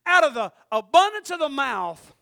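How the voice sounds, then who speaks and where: A preacher with a very high, bright, forceful voice, heard close and dry. He swings from shouted exhortation to quiet, folksy asides and keeps calling out to his congregation. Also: very animated, normal speed, vocal fry, no room sound. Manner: frequent call-outs to the congregation. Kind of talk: sermon.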